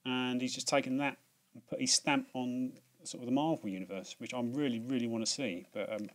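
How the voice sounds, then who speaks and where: A man's voice: medium pitch, steady tone, a little fast. A British man hosting a video in casual chat, rambling with many restarts and fillers and laughing at himself. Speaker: video host.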